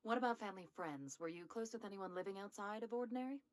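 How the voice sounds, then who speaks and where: An actress voicing a calm, persistent interviewer who presses with careful questions in a video game. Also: female voice, mid-range voice, quick pace, dry recording, close to an everyday voice. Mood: probing.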